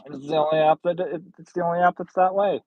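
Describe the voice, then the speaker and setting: A man's voice: a little high, steady tone, quick pace, no echo, lo-fi sound. A man hosting a casual livestream, chatting with viewers in a blunt, sardonic, rambling way. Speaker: livestream host. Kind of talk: casual livestream chat reading comments.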